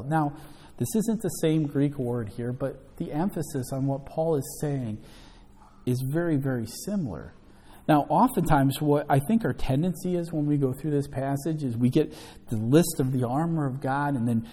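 A man's voice: medium pitch, lively intonation, moderate pace, warm tone, husky, in a large hall. A man preaching an emphatic sermon, teaching from the Bible and reading scripture aloud between his comments. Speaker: pastor.

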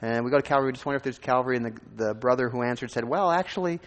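A man from Minnesota, preaching his own testimony in loose, rambling storytelling and often restarting his sentences. His mid-pitched voice rings out with the long reverb of a large church hall. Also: flat delivery, racing. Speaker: pastor. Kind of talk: personal testimony in a sermon.

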